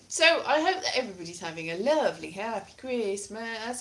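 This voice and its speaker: A woman chatting live with her viewers in a casual, playful way. She is theatrical and self-mocking, with a middling pitch. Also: animated, brisk, hardly any pauses, sharp tone. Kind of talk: casual live-stream chat.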